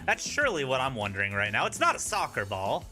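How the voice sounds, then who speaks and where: A man's voice: mid-range voice, wildly swooping pitch, fast, music in the background. A man streaming a dating sim, reading its narration aloud with playful, wry asides.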